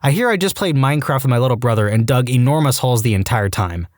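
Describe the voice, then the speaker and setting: A man narrates reader-submitted stories with a deadpan comic touch. His pitch moves around a lot as he reads. The recording is close and dry, with no room sound. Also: fast, no room sound. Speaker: story narrator. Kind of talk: reading online stories aloud.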